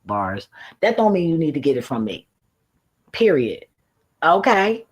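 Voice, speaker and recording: A man's voice: fairly high pitch, very animated, unhurried, husky, low-quality recording. A man hosting a livestream, telling a story casually in a blunt, profane, laughing way. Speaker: livestream host. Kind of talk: casual storytelling to a live audience.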